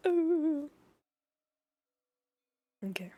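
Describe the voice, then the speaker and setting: A woman's voice: mid-range voice, big pitch swings, drawn-out words, pauses often, a little mellow, slightly rough. A woman streamer reading a book aloud, giggling and chatting to her pet between passages. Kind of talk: casual chat and book reading.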